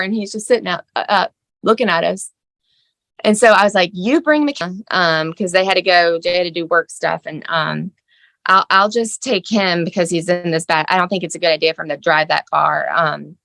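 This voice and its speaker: A middle-aged woman telling the story of her son's crisis as a mother, shaken and halting, with many fillers. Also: lowish voice, fairly bright tone, dry recording. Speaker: mother of a teen son. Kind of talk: emotional personal account.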